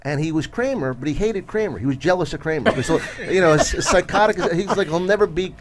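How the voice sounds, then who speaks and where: A man's voice: sits high, fast, a loud crowd. A middle-aged man, a comedian guest on a radio show, telling stories with lots of laughter and stammering restarts. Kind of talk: radio interview storytelling. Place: radio studio.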